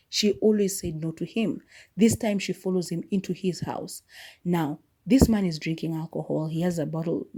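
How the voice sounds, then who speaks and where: A woman's voice: on the low side, dark tone. A woman podcast host, retelling a movie's plot in a casual, emphatic, indignant way.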